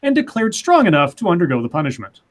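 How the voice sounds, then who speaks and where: A man's voice: sits high, huge pitch swings, quick pace. A man co-hosting a livestream, reading news articles and adding dry, sarcastic asides. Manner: dry, sarcastic asides between read passages. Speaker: news segment co-host.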